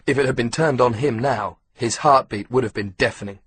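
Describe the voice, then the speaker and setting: This is scripted audiobook narration by a man whose voice is breathy and husky. He sits at an ordinary middle pitch and keeps his delivery even and measured.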